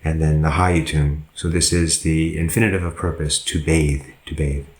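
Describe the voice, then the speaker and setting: A man's voice: a bass voice, steady tone, normal speed, a little mellow, roomy sound. A man, a monk, teaching a language lesson, who goes through example sentences patiently and often corrects himself. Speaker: Buddhist monk teaching Pali.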